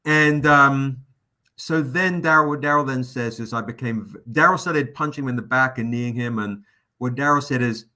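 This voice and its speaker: A man hosting a livestream, telling an anecdote in a casual, animated, profane way. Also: medium pitch, moderate pace. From England. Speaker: comic publisher hosting a livestream.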